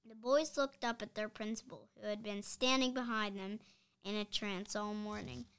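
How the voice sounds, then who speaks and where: A woman reading a children's book aloud, expressive and deliberate. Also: mid-range voice, smooth. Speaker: reader.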